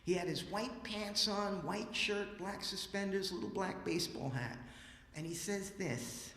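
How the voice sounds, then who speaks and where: Bright-voiced storyteller man in an echoing hall. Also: high voice, normal speed. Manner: lively, acts out dialogue, casual asides. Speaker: musician and storyteller on stage. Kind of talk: animated live storytelling. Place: library event hall. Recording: roomy hall with long reverb.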